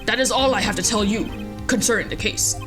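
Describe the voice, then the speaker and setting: A woman voicing a calm, aloof older male stage magician who speaks in a formal, measured, mysterious way. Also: mid-range voice, music in the background, lightly acted.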